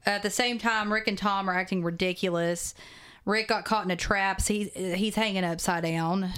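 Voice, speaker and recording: A woman's voice: medium pitch, fairly even intonation, moderate pace, a bit bright, clean tone. Dry, dismissive woman recapping a movie. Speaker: podcast co-host. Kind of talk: casual movie recap chat.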